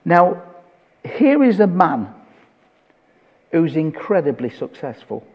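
A man's voice: fairly high pitch, sing-song, takes it slowly, husky, long reverb tail, dull audio. A man preaching a sermon, reading scripture aloud and talking it through conversationally with touches of humor.

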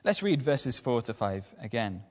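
A man giving a lively evening sermon as a lay preacher, using rhetorical questions and repetition. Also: medium pitch, measured pace, long reverb tail. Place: church.

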